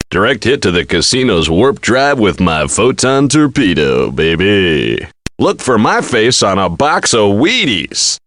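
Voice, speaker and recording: A man's voice: on the low side, fairly bright tone, a little hiss or hum, heavily acted. An actor playing a brash, joking male poker player in a card game, gloating and laughing between quips. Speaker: game character. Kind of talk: game voice clips.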